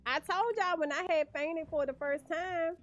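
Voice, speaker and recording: A woman's voice: extremely high pitch, normal speed, fairly bright tone, dull audio, faint music behind. A woman streaming a game, chatting casually with viewers and laughing often. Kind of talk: casual livestream chat while gaming.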